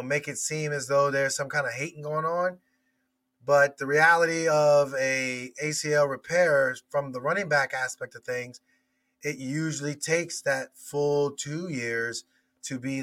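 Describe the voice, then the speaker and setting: A man who is a former player, talking football as a guest in a casual podcast chat, halting and restarting often. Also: mid-range voice, fairly even intonation, a bit bright. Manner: hesitant, halting with many restarts.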